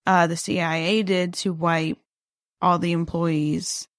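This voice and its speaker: A gravelly, creaky voice of middle pitch talks in a laid-back, relaxed way. This co-host is chatting on a casual podcast, recorded dry and close to the mic. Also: slow, dry recording. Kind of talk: casual conspiracy podcast chat.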